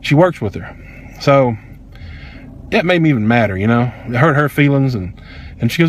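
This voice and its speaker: A man's voice: mid-range voice, normal speed, long pauses. A man, angrily telling a personal story in a heated, profane, emphatic way. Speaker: vlogger.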